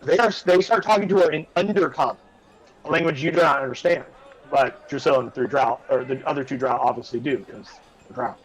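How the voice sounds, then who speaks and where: A man's voice: medium pitch, fast talker, breathy edge, rough recording. A man narrating a tabletop game as game master, casual and rambling with many fillers.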